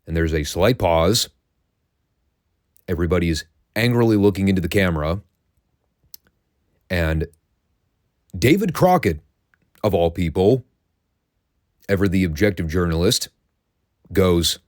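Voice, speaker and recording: A deep, low-voiced man hosts a casual podcast, recounting old events with sardonic, profane amusement. His voice sits close to the mic in a dry, dead room with no echo. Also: sing-song, takes it slowly, pauses often, a little mellow. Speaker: podcast host.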